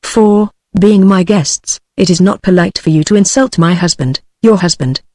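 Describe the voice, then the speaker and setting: A text-to-speech woman with a British accent voicing a calm, cool young Munchkin woman in a storybook, in an even synthetic voice. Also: fairly low pitch, normal speed, no echo, clean studio sound, close to an everyday voice. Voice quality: smooth synthetic reading voice.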